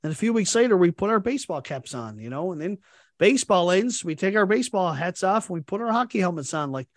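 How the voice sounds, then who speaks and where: A man hosting a casual podcast, swearing freely and slipping into other people's voices when he quotes them. His pitch swings widely as he gets worked up. The sound is dry and close. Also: fast talker, dry recording. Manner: animated, profane, acts out others' chat messages. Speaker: podcast host. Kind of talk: casual fantasy sports chat.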